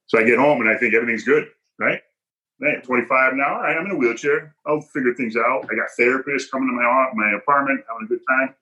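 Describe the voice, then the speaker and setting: A man's voice: mid-range voice, quick pace, sharp tone, rough recording. A man guest in a podcast interview, telling a personal story in an emphatic, punchy way and acting out quoted dialogue.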